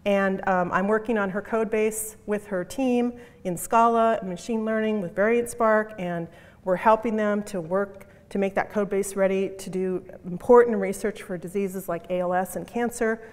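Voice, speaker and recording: A woman's voice: mid-range voice, steady tone, normal speed, darkish tone. Emphatic middle-aged woman in a reverberant hall. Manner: emphatic, punchy, repeats key phrases. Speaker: conference speaker. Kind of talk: conference keynote talk. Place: conference hall. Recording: long reverb of a conference hall.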